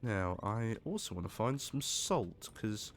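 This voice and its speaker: A man's voice: fairly low pitch, lively intonation, measured pace, slight background noise. Chatty gamer man. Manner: chatty, jokey, swears when startled. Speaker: gaming streamer. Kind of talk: casual gameplay commentary.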